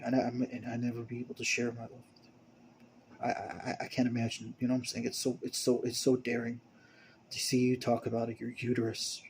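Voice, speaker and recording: A young man talks to the camera in a rambling, emotional monologue, his voice medium in pitch. He stammers, restarts, and repeats words, lurching from mumbles into loud bursts. There's a slight hiss or hum in the recording.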